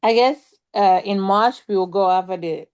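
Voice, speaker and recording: A woman learner asks her teacher a question in an online class, speaking at a middling pitch. She talks haltingly and searches for her words as she explains. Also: a little mellow, smooth.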